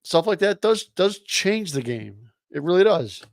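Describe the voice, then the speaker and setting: A man's voice: high-pitched, sing-song, measured pace, gravelly, dry recording, studio quality. A man co-hosting a live sports show, ranting bluntly and profanely as a heated fan. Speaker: co-host.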